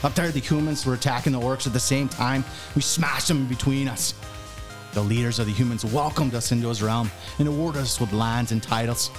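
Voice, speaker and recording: A man voicing a gruff, battle-worn male dwarf warrior with a put-on Irish accent, telling his story in a tabletop game, music behind. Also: mid-range voice, brisk, natural voice. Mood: grim. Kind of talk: tabletop game character monologue.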